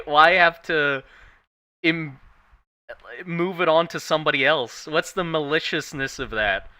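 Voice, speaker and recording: Bright-voiced man rambling while drawing. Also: fairly high pitch, no room sound. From Thailand. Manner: rambling, animated, swears freely. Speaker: streamer. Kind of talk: casual chat while drawing.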